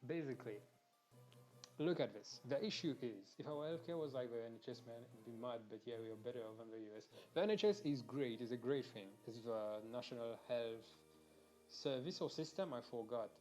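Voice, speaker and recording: A young man rants on his game stream, animated and blunt, swearing freely and restarting his sentences as he goes. His voice sits at an ordinary middle pitch, with quiet game music running underneath. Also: a little fast. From Mauritius. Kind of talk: casual ranting during a game stream.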